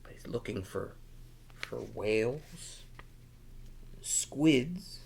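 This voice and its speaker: A man reading a picture book aloud to children at storytime, animated and stopping to ask them questions. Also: mid-range voice, very slow, gravelly, slight background noise. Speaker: storytime reader.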